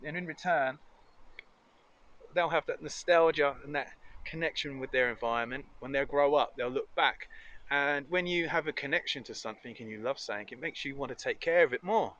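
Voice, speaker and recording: A man's voice: mid-range voice, fairly quick, a bit bright, muffled recording. A man chatting casually and cheerfully while cooking outdoors for a foraging vlog. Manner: chatty, upbeat, muses aloud. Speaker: foraging vlogger. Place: outdoors in nature.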